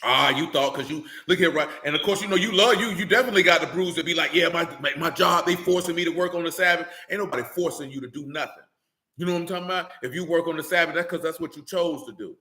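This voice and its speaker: A man preaching a fiery, blunt sermon, scolding his listeners with rhetorical questions and rising to shouts. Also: fairly high pitch, fast, reverberant. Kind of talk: fiery street-style sermon.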